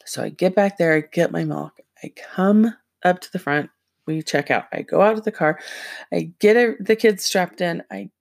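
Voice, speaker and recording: Earnest rambling woman, lowish voice. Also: vocal fry. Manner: rambling and halting, heavy use of filler words; earnest and emotional, voice dropping quiet at hard moments. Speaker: vlogger sharing personal experience. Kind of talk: casual personal storytelling.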